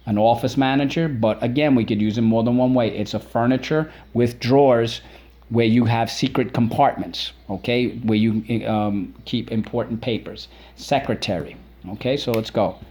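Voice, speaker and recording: Leading children through spelling, a man with a medium-pitched, darkish voice says each word aloud and repeats it slowly and with emphasis. He keeps things encouraging, posing questions and praising correct answers.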